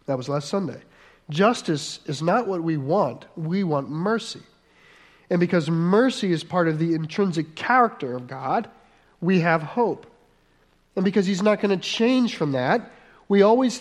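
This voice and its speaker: A man preaching a sermon as pastor, earnest, slowing down for emphasis and acting out quoted voices. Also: sits high, a little mellow.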